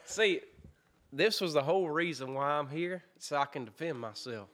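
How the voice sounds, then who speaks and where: A man's voice: a little high, expressive, moderate pace, a bit bright. A man chatting as a singer-songwriter guest, laid-back and self-deprecating. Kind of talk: casual chat.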